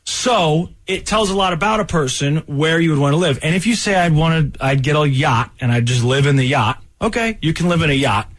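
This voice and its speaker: A man with a lively, swooping voice chats on a radio talk show, slightly higher than most men. He talks eagerly and grows quickly defensive when challenged. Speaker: radio co-host. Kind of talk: casual radio banter.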